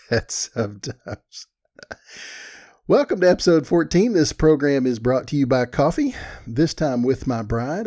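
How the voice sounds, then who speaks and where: Folksy older man, mellow voice. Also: medium pitch. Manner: folksy, rambling, self-deprecating. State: a little out of breath. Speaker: podcast host. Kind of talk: casual solo podcast talk.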